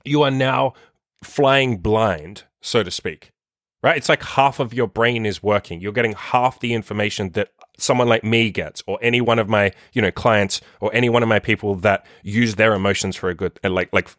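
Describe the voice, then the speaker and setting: A man's voice: on the low side, fairly bright tone, no room sound, clean studio sound. Blunt, profane man lecturing. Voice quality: profane, emphatic, rapid rhetorical questions. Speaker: dating and self-improvement coach. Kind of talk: blunt motivational monologue.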